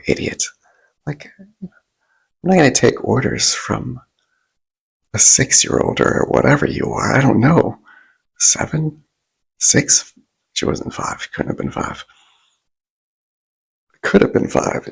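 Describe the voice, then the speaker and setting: A man telling a rambling story in a soft ASMR vlog, often stopping to restart his sentences and acting out what others said. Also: mid-range voice. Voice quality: raspy, breathy and gravelly. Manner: rambling, self-interrupting, animated quoting of others. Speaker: vlogger.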